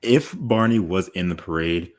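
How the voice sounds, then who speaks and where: Deep-voiced young man giving opinions. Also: moderate pace. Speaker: podcast co-host. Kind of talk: casual chat.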